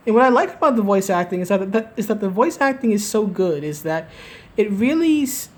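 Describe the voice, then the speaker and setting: A woman's voice: medium pitch, expressive, moderate pace. A woman giving casual opinion commentary for a gaming video, rambling, restarting her sentences and tagging them with "right?". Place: at home, recorded live.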